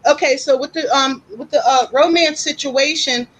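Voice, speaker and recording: High, chatty woman psychic. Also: moderate pace, low-quality recording. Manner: chatty, animated storytelling. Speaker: psychic reader, co-host. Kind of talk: casual live-stream reading.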